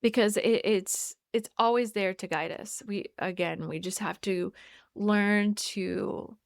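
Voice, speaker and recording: A woman hosting a solo wellness podcast, talking in an earnest, halting way with many restarts. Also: mid-range voice, creaky, no echo. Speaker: podcast host. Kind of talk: reflective solo podcast monologue.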